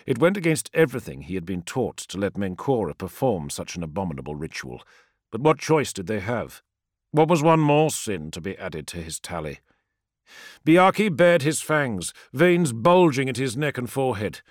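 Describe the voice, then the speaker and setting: A man giving dramatic, expressive audiobook narration. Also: mid-range voice, moderate pace, no room sound, studio quality. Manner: expressive storytelling.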